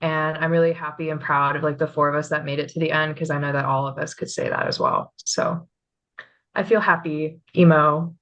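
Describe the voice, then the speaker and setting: Low-voiced woman rambling with fillers. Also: steady tone, brisk, fairly bright tone, low-quality recording. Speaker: game contestant.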